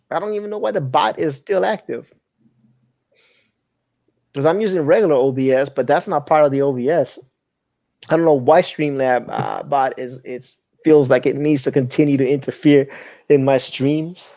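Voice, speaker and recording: A man's voice: on the high side, a little mellow. A man hosting a casual livestream chat show, laughing often and reading viewer comments aloud. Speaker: podcast host. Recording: slightly muffled lo-fi sound.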